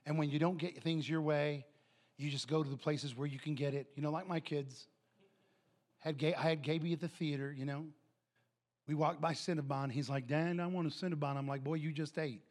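A middle-aged man preaching a sermon, animated and telling family stories. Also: fairly high pitch, normal speed. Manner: animated, acts out family members' voices. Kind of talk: sermon with storytelling.

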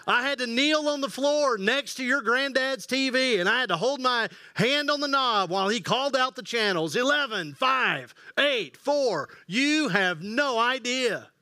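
A man playing a loud, boastful old man who tells exaggerated tall tales with drawn-out punchlines. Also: very high-pitched, animated, no room sound, voice pushed up, heavily acted.

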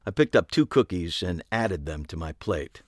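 A man's voice: sits low, animated, normal speed, dry recording. A man narrating a story in the first person, dry and wry in tone. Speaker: audiobook narrator.

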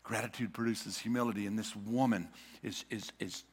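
A man preaching a sermon as a pastor, swinging from loud urging to hushed whispers and repeating words as he builds. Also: on the low side, steady tone, normal speed, husky, long reverb tail.

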